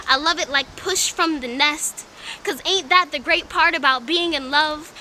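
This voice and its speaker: This woman poet, from Tampa, Florida with a Southern US accent, speaks in a high voice with a sharp tone; the audio is poor and there is slight background noise. She performs her spoken word rhythmically and emphatically, then chats about how she started.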